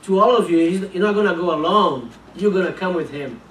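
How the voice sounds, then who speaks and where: A man's voice: fairly high pitch, quick pace, a little hiss or hum, lightly acted. A male preacher voicing a threatening armed man in his story, in non-native English, in an echoey church. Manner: shouted threats. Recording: echoey church room, mic at a distance.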